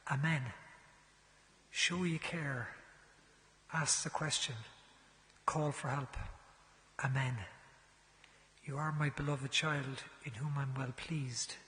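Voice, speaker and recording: A man giving a parish mission talk, telling a story and swinging from hushed, slow lines to loud, raised ones. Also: mid-range voice, fairly even intonation, big-room sound. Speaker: guest speaker. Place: large church.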